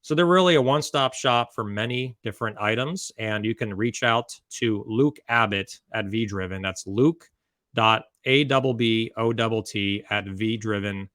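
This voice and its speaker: Chatty low-voiced male podcast host. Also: normal speed, fairly bright tone, dry recording. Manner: chatty, joking asides. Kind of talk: casual podcast chat.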